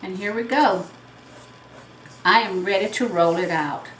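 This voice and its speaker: A woman's voice: mid-range voice, a little slow, fairly bright tone, slight background noise. A woman with a Southern US accent hosting a home cooking show, explaining each step in a chatty way. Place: home kitchen. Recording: roomy, mic at a distance.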